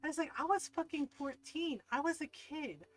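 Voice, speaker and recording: A woman streamer telling a story in casual chat, animated, swearing freely and laughing often. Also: sits high, moderate pace, rough recording.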